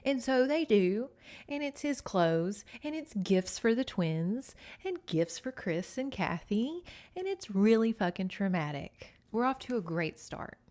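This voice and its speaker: A woman's voice: medium pitch, sing-song, unhurried, darkish tone. A woman with a Southern US accent hosting a podcast, recapping a book in a chatty, sarcastic way full of asides. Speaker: podcast host.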